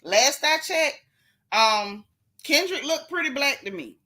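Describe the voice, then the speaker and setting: A woman's voice: high-pitched, lively intonation, slow, bright, forceful tone. A middle-aged woman, hosting a gossip commentary show in a sassy, emphatic way, talking straight to her viewers. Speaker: host.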